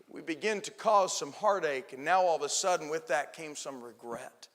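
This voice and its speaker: A male pastor preaching a sermon, telling stories and swinging from hushed asides to shouted points. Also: on the high side, normal speed, few pauses. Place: church sanctuary. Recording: long church hall reverb.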